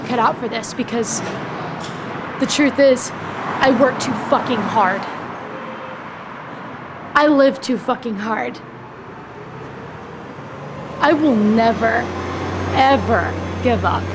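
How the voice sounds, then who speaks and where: A woman acting out a determined young woman pushing back against her own doubts. She is fierce and swears for emphasis, in a slightly high voice. Noise from the outdoors runs behind her. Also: lightly acted. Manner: defiant, intense, swears for emphasis. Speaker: acting student. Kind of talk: rehearsed dramatic monologue.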